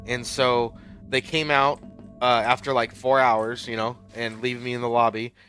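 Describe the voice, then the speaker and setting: A man's voice: medium pitch, little pitch movement, moderate pace, a bit bright, soft background music. A young man casually telling a long personal story while playing a game, rambling with many fillers and getting worked up. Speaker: Minecraft YouTuber.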